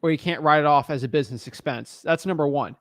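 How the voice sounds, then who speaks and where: A man's voice: a little high, fast, no echo, studio quality. A man coaching a newcomer on a call, blunt and frank, calling him man and dude. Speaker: real estate wholesaling coach.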